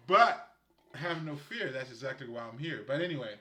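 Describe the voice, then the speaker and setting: With an expressive mid-range voice at a moderate pace, a Haitian spiritual guide rambles through casual advice, laughing often. The recording echoes roomily against a noisy background.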